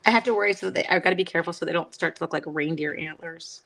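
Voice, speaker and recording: A woman's voice: fairly low pitch, very fast, vocal fry, fairly bright tone, poor audio. Middle-aged lady chatting on her craft livestream, jokey, talks back to the comments. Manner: chatty, self-teasing, answers viewer comments. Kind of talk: casual live chat while crafting.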